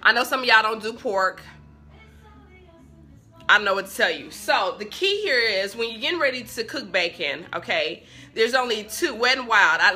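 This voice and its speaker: Chatty young woman, higher voice with a bright edge, livestreaming from her kitchen on a phone, bacon sizzling and faint music behind. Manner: chatty, talks straight to viewers, sidetracked easily. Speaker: cooking show host. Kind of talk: live-stream cooking chat. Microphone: phone on a stand.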